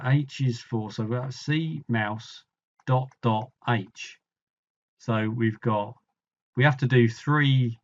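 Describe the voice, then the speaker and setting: A man tutoring maths by thinking aloud, muttering and catching his own slips along the way. His mid-pitched voice comes through a slightly dull, lo-fi recording. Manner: muttering, self-correcting, musing. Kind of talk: thinking aloud while solving a problem.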